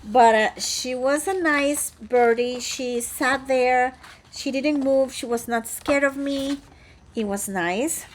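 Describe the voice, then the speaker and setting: Chatty Costa Rican woman, fairly high voice. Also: takes it slowly, a little hiss or hum. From Costa Rica. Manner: chatty, rambling, many restarts and fillers. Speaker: flosstuber, cross-stitch vlogger. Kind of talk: casual chat to camera. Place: home, indoors.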